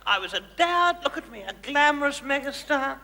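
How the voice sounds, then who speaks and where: An Australian-accented male stage comedian, in a very high, bright, forceful full character voice, animated and at moderate pace, plays a vain, glamorous female megastar who was once a housewife. His live comedy monologue on a large theatre stage camply teases and gushes at the audience, calling them darlings. The VHS broadcast has a reverberant hall and audience noise.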